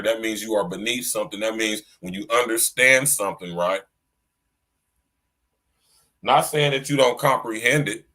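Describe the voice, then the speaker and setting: A man hosting his own podcast, talking loud and casual in a slangy style, coughing now and then and saying "man" at the end of nearly every line. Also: lowish voice. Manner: loud, slangy, repeats "man" and "you know what I'm saying". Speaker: podcast host.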